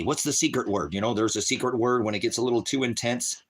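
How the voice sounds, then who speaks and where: A man's voice: fast talker, a little hiss or hum. Profane taunting man ranting at chat. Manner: profane, taunting, mocking laughter; swings from low mutter to high shouting. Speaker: livestream preacher. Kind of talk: heated livestream rant at chat.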